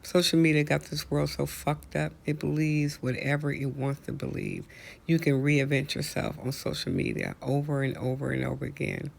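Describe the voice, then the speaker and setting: Outraged man with a gravelly voice. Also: a little high, moderate pace. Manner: outraged, preachy, rhetorical questions. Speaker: host. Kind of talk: impassioned monologue.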